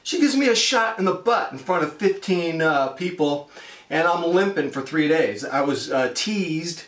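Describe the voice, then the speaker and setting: A man's voice: on the high side, lively intonation, measured pace, a bit bright, distant mic. Chatty storytelling man, roomy sound. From United States. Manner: chatty, acts out quoted people. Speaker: vlogger telling a travel story. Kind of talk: casual spoken storytelling.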